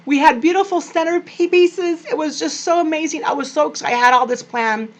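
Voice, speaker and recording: An older woman vlogging about being a grandmother, telling family stories in a gushing, animated way. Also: sits high, a little fast. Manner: animated, gushing, acts out quoted family voices. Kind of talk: personal storytelling to camera.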